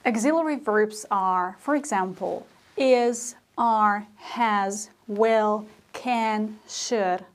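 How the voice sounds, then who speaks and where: A woman teaching a grammar lesson, explaining slowly and deliberately with spoken example sentences. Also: mid-range voice. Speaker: language teacher.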